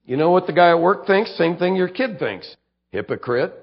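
A man's voice: high-pitched, a little fast. Man, pastor, conversational sermon, acts out voices, repeats words when restarting, slightly dull lo-fi sound. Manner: conversational preaching, acts out quoted speech, stammers on restarts.

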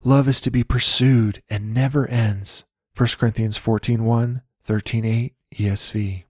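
A man reading a personal faith testimony aloud in an earnest, measured way, citing scripture references. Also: medium pitch, steady tone, darkish tone, husky, no room sound, studio quality. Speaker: Christian storyteller. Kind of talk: read devotional testimony.

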